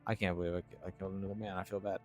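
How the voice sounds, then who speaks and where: A man quietly commenting while he plays a horror visual novel. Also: low-pitched, flat delivery, very fast, faint music behind. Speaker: gamer. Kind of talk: playthrough commentary.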